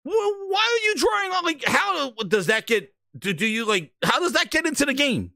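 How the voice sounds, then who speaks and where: A male host with a very high, bright, creaky voice rants and laughs through casual video commentary, cursing and riffing with big swings in pitch. He talks at a moderate pace, and the recording is dry and close, with no echo or room sound.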